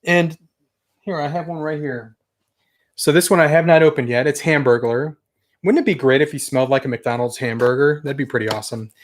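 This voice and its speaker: A man's voice: on the high side, brisk. A young adult man casually chatting on a toy collecting livestream, rambling and enthusiastic as he reads viewer comments. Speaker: toy collector channel host.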